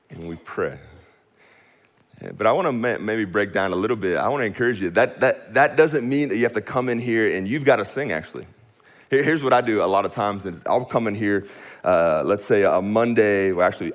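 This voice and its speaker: A man preaching a sermon as pastor in a church room, energetic and informal, often saying "man" and speeding up when he gets worked up. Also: on the low side.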